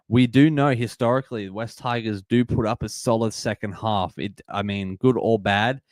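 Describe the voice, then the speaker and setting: A man in his twenties with an Australian accent, hosting a live sports watch-party stream and chatting excitedly while reading out and greeting viewers from the chat. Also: medium pitch, no room sound. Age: 20s. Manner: upbeat, reads and greets chat viewers, repeats phrases. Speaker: livestream host.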